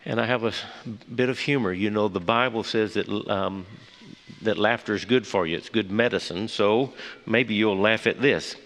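Halting folksy man in a reverberant hall. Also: fairly low pitch, fairly bright tone. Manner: folksy, halting, many fillers and restarts. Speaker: Bible study teacher. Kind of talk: morning devotional talk with prayer.

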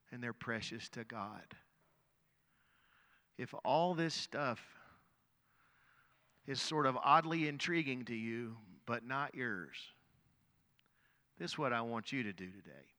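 A middle-aged man preaching a sermon, telling a story in an earnest, conversational way and often doubling up his words. His voice is medium in pitch with a bright, forward edge. It rings out with the long reverb of a big church hall. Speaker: pastor.

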